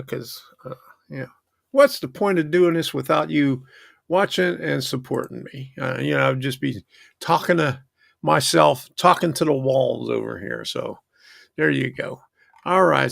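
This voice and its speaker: A man's voice: on the high side, gravelly, fairly bright tone, no echo, studio quality. A man hosting a model train channel, chatting casually in a rambling, self-interrupting way. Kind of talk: casual livestream chat.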